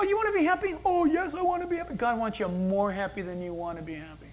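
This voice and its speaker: A man preaching a sermon as pastor, animated, acting out God's voice in quoted asides. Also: extremely high pitch, slight background noise, rough recording.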